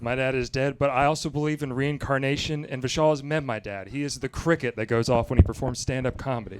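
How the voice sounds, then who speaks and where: A man's voice: mid-range voice, quick pace, darkish tone, clear, resonant tone. A man doing roast jokes on a comedy club stage, hesitant and chuckling between lines.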